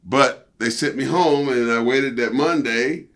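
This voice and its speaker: A middle-aged man, a former pro wrestler, telling stories in a casual interview, animated and profane, peppered with "you know" and "see". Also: unhurried. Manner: animated storyteller, jumps high for quoted outbursts.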